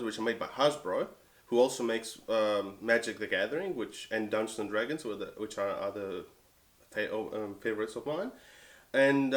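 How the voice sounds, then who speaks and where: A man from Italy talking in a casual interview as a collector, relaxed and easily amused, speaking in loose, halting phrases. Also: mid-range voice.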